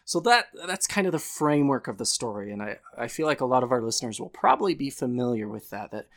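A man's voice: mid-range voice, big pitch swings, fast talker, hardly any pauses, fairly bright tone. A man co-hosting a casual podcast chat, explaining things and often breaking into laughter. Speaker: podcast co-host.

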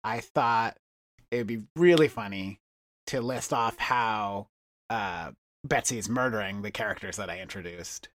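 A man co-hosting a comedy podcast, rambling through improvised bits and letting his words trail off into low murmurs. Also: measured pace, a bit bright.

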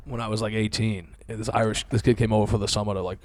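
Laid-back low-voiced man. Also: level tone, fast, darkish tone, no room sound. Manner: laid-back, profane, rambling with fillers. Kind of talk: crude casual banter.

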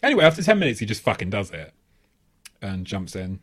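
Sweary man in his thirties, lively. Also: lowish voice, fast, husky. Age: 30s. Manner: rambling, sweary, self-mocking, laughs a lot. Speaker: podcast co-host. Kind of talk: casual comedic storytelling.

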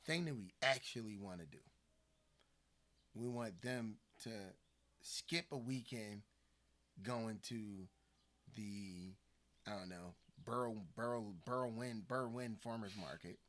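A man co-hosting a podcast, chatting casually and telling stories with lively acted-out quotes. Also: lowish voice, takes it slowly, pauses often. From Philadelphia area. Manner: animated storytelling, acts out quoted people. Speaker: podcast co-host. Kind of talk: casual conversation.

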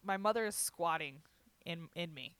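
Bright, crisp, candid storyteller. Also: mid-range voice, moderate pace, dry recording. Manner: candid, swears, laughs often, quotes others with "I'm like". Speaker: guest recounting a hospital stay. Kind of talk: casual storytelling chat.

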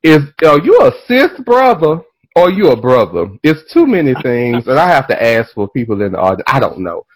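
A man hosting a podcast in casual chat, animated and profane, drifting into tangents and laughing as he talks. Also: medium pitch, normal speed, poor audio. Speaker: podcast host.

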